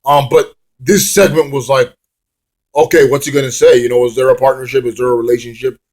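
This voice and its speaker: A man's voice: medium pitch, fairly even intonation, fairly quick, a little mellow. A man casually reviewing a wrestling show in a rambling, swear-laced manner, drifting into hummed song bits.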